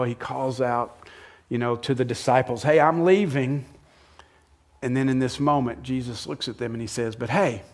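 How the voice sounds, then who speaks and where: A man, the church's pastor, preaching a conversational sermon with rhetorical questions that swings between forceful emphasis and quiet, soft passages. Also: mid-range voice.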